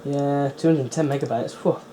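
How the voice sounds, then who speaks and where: A man's voice: medium pitch, fairly even intonation, moderate pace, over music. A man giving casual running commentary while setting up and playing old PC games, with wry, chatty asides. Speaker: retro PC builder and player.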